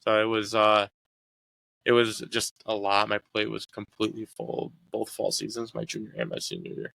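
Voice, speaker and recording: Interviewed as a guest, a young college soccer player reminisces about his sports days in a loose, rambling way full of fillers. His fairly low voice is creaky, a bit bright and animated, at a moderate pace, with no room sound.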